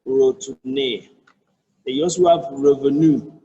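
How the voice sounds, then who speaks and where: The voice is a man's, mid-range and steady, dark and husky, with the highs cut off. He's a Nigerian-accented tutor giving an online French lesson, breaking phrases down patiently, repeating them, and offering slow, careful examples.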